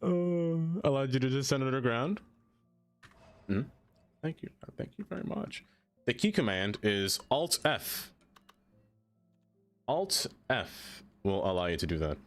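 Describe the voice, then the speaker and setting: A man's voice: mid-range voice, lively intonation, slow pace, pauses often, faint music behind. A man streaming a city-building game, chatting casually with viewers in a playful, teasing way. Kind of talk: casual live-stream chat.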